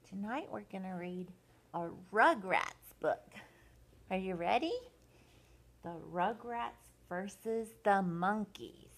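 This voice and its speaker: An older woman, a grandmother, reading a picture book aloud to children in a slow, expressive, sing-song way. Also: mid-range voice. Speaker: grandmother storyteller.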